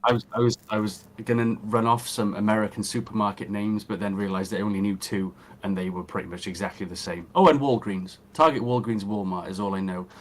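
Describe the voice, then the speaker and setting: Low-voiced excitable man on a podcast. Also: a little fast, hardly any pauses. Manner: excitable, jokey, rambling. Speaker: podcast co-host. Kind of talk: casual podcast chat.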